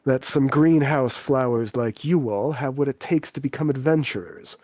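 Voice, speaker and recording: A cold, contemptuous elven king, put on by a man running a tabletop game talks to his children in a low, quiet, deadpan voice. Every word lands with flat disdain, close to a dry mic. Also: moderate pace, no room sound, natural voice.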